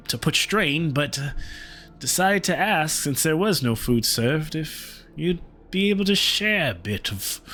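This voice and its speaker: A man's voice: medium pitch, a bit bright, full character voice. A man voicing a wheedling, polite male goblin wanderer who rambles and stammers. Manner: hesitant, rambling, halting.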